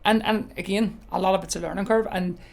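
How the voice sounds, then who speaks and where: A man's voice: sits high, fairly even intonation, fast talker, creaky. A man from Northern Ireland co-hosting a wedding DJ podcast, rambling in casual chat with many fillers. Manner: rambling, lots of you know and sort of.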